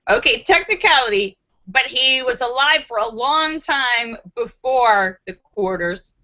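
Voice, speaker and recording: A woman's voice: on the high side, expressive, measured pace, bright, forceful tone, lo-fi sound. A woman hosting a casual live stream and reading viewer comments aloud, playful and sassy, with frequent laughter and joking asides.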